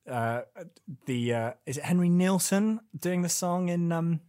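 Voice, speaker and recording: A man's voice: high-pitched, animated, measured pace, warm tone, clear, resonant tone, no room sound, studio quality. A man hosting a casual film discussion, chatty and playful, prone to tangents.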